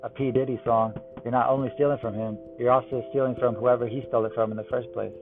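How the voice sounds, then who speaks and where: A man rattles off one-liners in a flat, deadpan way at a middle pitch. His voice comes through thin and phone-like, with music playing clearly behind him. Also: fast talker. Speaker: joke teller. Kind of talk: reading one-liner jokes.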